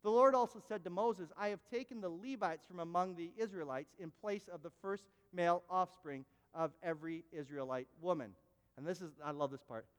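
A man's voice: sits high, lively intonation, moderate pace, clear, resonant tone, in a large hall. A pastor preaching a sermon, emphatic, often repeating words and restarting his phrases. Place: church sanctuary.

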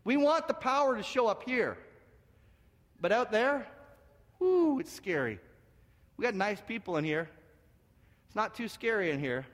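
A man from Canada preaching as senior pastor, telling stories in an animated way, repeating words and swinging between hushed and loud. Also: sits high, a little slow, pauses often, big-room sound. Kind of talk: sermon with storytelling. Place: church sanctuary.

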